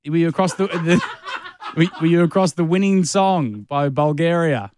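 A man's voice: on the high side, normal speed, darkish tone, a little hiss or hum. An Australian man hosting a radio show, talking enthusiastically with frequent stumbling restarts. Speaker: radio host. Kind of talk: casual on-air banter. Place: radio studio. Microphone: studio microphone.

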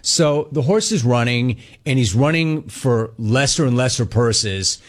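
A man hosting a sports talk show, telling a long story in a casual, animated way. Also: mid-range voice, unhurried. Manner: animated storytelling, mimics callers and others in quotes. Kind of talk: casual radio-style monologue.

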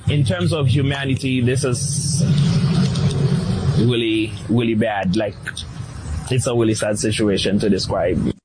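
A man's voice: medium pitch, background noise. A man in a street interview clip, earnest and sorrowful.

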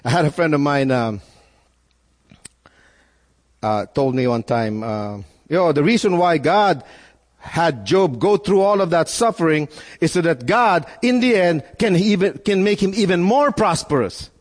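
A male pastor delivering a sermon, his slightly high voice rising and falling with animation. He talks earnestly, piling up rhetorical questions and repeating himself as he pushes a point. The sound carries a long echo, as if in a large hall. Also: animated, a little slow.

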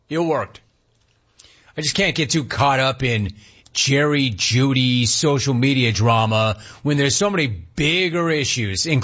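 A man's voice: medium pitch, a bit bright, husky. A man hosting a sports talk show, ranting with rhetorical questions and reading out chat comments. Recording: dull lo-fi sound.

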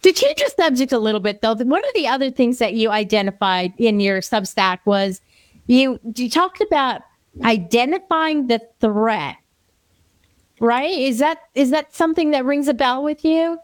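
High-voiced woman interviewer. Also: very animated, moderate pace, no echo. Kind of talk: conversational interview.

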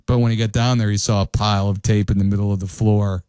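A man's voice: fairly low pitch, level tone, quick pace, few pauses, dark tone, clean tone, no echo. A male radio host telling a rambling anecdote, correcting himself as he goes and chuckling along. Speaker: radio talk show host. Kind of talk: casual radio storytelling.

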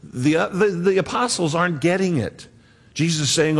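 Earnest preacher in a reverberant hall. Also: male voice, on the high side, animated, moderate pace. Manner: conversational, earnest, acts out quotes. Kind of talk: sermon.

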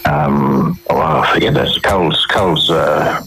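An Australian man giving a radio interview, telling his own stories in a halting way with many restarts and fillers. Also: a bass voice, sharp tone, slight background noise, poor audio. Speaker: interview guest.

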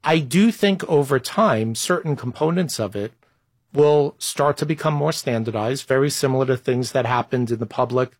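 A man in his fifties, a guest executive, gives conversational interview answers in a thoughtful, slightly self-deprecating way, sometimes restarting his phrases. His husky voice is medium-pitched at a moderate pace, recorded in studio quality with no echo.

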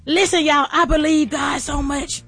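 A woman giving an emotional, preachy motivational talk, teary and repeating herself as she builds to shouts. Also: high-pitched, fairly even intonation, moderate pace, faint music behind. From Atlanta area. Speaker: restaurant owner.

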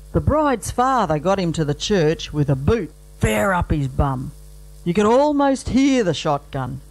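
Unhurried Aussie bush poet, dry comic verse, heavy slang. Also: male voice, on the high side, rough recording. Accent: Australian. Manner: dry, rhythmic storytelling with broad slang. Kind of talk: comic bush poetry recital.

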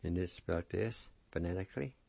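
A man teaching a vocabulary lesson, spelling and pronouncing each word slowly and patiently, repeating it several times. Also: deep voice, gravelly, a little mellow, dry recording. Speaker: language teacher. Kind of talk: slow spelling and pronunciation lesson. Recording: dull lo-fi recording.

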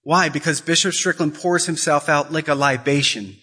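A man giving an impassioned sermon-style talk, emphatic, repeating phrases and climbing high in pitch in bursts. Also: normal speed, bright, forceful tone, slightly rough. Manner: acts out quoted voices. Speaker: Catholic speaker.

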